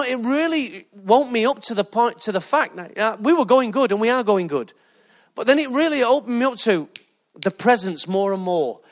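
Pastor, high voice, jokey storytelling sermon. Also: male voice. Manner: jokey, animated storytelling with laughter. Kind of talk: lively sermon with anecdotes.

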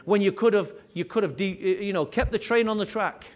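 A man preaching a sermon as pastor, animated and repetitive, with conversational asides. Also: high-pitched, moderate pace. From England.

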